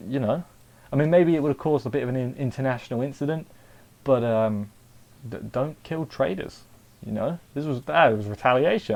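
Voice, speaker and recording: An Englishman talks through an anime episode in a loose, chatty way. His voice sits at an ordinary middle pitch. He rambles, doubles back and restarts his sentences as he goes. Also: a little mellow. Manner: rambling, chatty, self-interrupting. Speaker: anime reviewer. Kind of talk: casual episode review.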